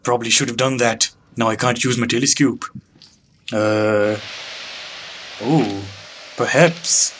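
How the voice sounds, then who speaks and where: With a medium, fairly bright voice, a young man commentates a horror game slowly, pausing often, against slight background noise. As a let's play commentator he cracks jokes, teases himself, and is frequently grossed out.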